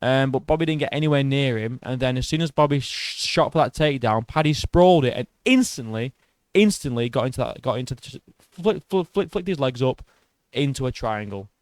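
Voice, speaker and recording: A man hosting a casual MMA vlog, excitable and heavy on swearing, who often restarts his sentences. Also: medium pitch, fairly quick, no echo. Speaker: MMA channel host. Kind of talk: casual fight commentary vlog.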